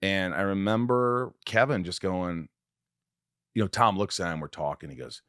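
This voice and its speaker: Speaking at a normal speed, a podcast host recounts a story with real feeling during a casual conversation. He's animated, voicing other people's lines with dramatic pitch swings, and the audio is a clean studio recording without echo.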